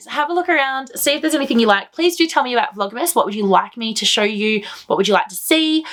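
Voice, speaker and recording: A woman's voice: a little high, fairly bright tone. A woman hosting a knitting podcast, chatting casually to camera at home in an enthusiastic, rambling way.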